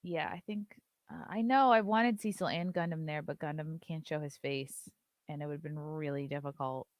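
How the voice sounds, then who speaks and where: A woman's voice: deep voice, normal speed, no room sound. A woman hosting a live-stream show, chatting loosely, reading viewer messages aloud and swearing casually.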